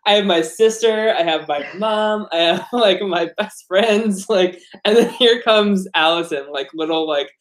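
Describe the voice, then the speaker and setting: A man's voice: high-pitched, a little slow, hardly any pauses, fairly bright tone. A man co-hosting a casual comedy podcast, laughing often as he talks. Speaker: podcast co-host.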